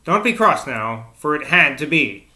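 A man's voice: on the high side, big pitch swings, a little slow, pushed and bright, exaggerated voice. A man voicing a bold, restless young woman's letter in a storybook reading, dramatic and impatient. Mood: impetuous.

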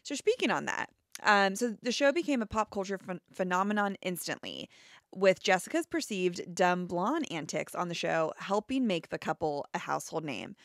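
Young woman podcast co-host, animated pitch, dry close sound, chatty and loose. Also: dry recording. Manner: chatty, quick asides with filler "like". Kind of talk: casual chat.

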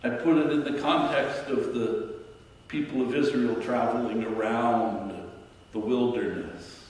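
A man minister giving a sermon in a church, speaking in a slow, reflective way with pauses. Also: mid-range voice, steady tone, a little mellow. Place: church sanctuary. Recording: echoey church hall from far off.

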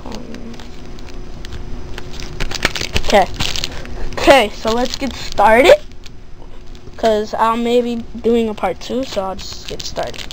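A woman casually narrating a card-opening video, gushing and excitable, reading off each find as she goes. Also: on the high side, background noise. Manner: gushing, excitable, breaks into squeals; lists items slowly, thinking aloud.

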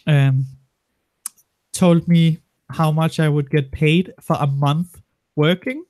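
A blunt, foul-mouthed man in his twenties chatting as a stream guest. His voice sits on the higher side and the sound is dry and close, with no room around it. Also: fairly even intonation, takes it slowly, darkish tone, no room sound. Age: 20s. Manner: blunt, crude, swearing storyteller. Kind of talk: casual banter on a livestream.

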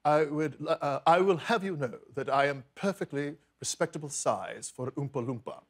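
A man doing an impression of a posh English gentleman who speaks in a halting way. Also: fairly high pitch, background noise, close to an everyday voice. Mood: prim. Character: posh English gentleman, fussy and self-important.

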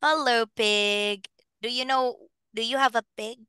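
Bright, slow-spoken woman teaching phonics. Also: fairly high pitch, steady tone, clean tone, dry recording, studio quality. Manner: patient, encouraging, spells letters slowly, laughs often. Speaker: online English teacher. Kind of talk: phonics lesson with a young child.

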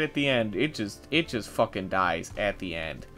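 A young man giving casual gameplay commentary, thinking aloud, getting excitable and swearing as he works. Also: lowish voice, moderate pace, hardly any pauses, faint music behind. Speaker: gameplay video host.

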